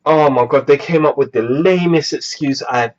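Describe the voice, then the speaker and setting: A young man telling a storytime vlog, animated and exasperated, swearing freely, on a dull lo-fi recording. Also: on the high side, moderate pace. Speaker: vlogger.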